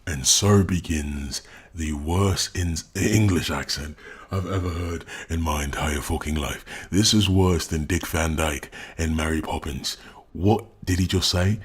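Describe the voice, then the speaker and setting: A man's voice: rumbling low, unhurried, breathy edge. A man giving profane, mocking reaction commentary on a video clip, ranting at length.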